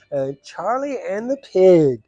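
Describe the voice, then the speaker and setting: Man, casual storyteller, higher pitch, dry close sound. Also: mellow, no room sound, dull audio. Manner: rambling, drawling Southern storyteller, acts out voices. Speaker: storyteller vlogger.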